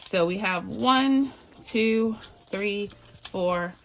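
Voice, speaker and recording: A woman's voice: mid-range voice, drawn-out words, fairly bright tone, slight background noise. A woman from Barbados chatting casually to her viewers while sorting and counting cash for her budget. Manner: chatty and playful, addresses viewers as y'all. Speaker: budgeting vlogger.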